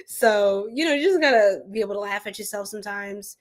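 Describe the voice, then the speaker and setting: Her medium-pitched, slightly bright voice swings widely in pitch at a normal pace as this young woman runs a live tarot stream. She's playful and casual, laughs a lot, and addresses viewers as "y'all" and "girl."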